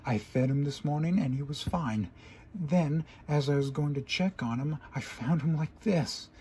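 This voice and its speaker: A man voicing a shy, gentle female pony who speaks softly and tearfully in a fan story reading. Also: a little high, measured pace, a little hiss or hum, voice pushed up, close to an everyday voice. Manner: soft, timid, sobbing.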